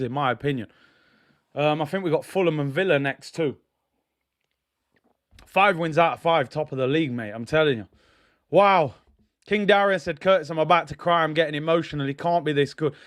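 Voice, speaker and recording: A young man hosting a live football watch-along, excitable, joking with his chat and shouting when his team scores. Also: a little high. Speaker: football fan channel host.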